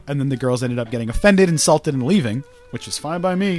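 Animated, profane man telling stories. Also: mid-range voice, fast talker, faint music behind. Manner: profane, rambling, animated storyteller. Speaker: podcast host. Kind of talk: casual storytelling chat.

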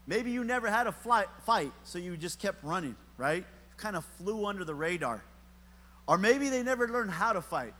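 A middle-aged man preaches in a church sanctuary, his voice a bit high for a man. He tells stories with easy humor and keeps checking in with the crowd. A long reverb trails each phrase. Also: lively intonation, moderate pace, bright, forceful tone. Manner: casual storytelling preaching with humor, talks to the congregation. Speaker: pastor. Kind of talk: sermon.

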